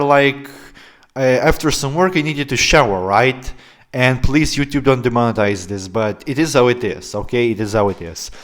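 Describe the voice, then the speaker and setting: A young man telling a story-time vlog in a casual, rambling way, often laughing and filling gaps with "like" and "uh". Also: mid-range voice. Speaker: vlogger.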